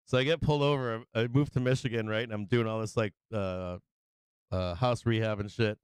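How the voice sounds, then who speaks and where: Low, smooth-voiced man telling profane stories. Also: steady tone, fairly quick, dry recording. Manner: loose and profane, with many restarts and laughs. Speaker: live stream host. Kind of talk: casual rambling storytelling.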